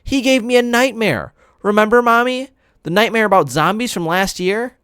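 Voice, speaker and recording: A woman reading aloud and voicing a young boy, a second grader who whines and protests in a high childish voice. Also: normal speed, fairly bright tone, clean tone, dry recording, clean studio sound, lightly acted. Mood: whining. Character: young boy, little brother, whiny.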